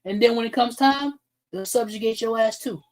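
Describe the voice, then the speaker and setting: A man's voice: very high voice, normal speed, rough recording. A man hosts a livestream commentary, talking straight into the mic. He is blunt and heated, swears often and stops to greet viewers in chat by name. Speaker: livestream host.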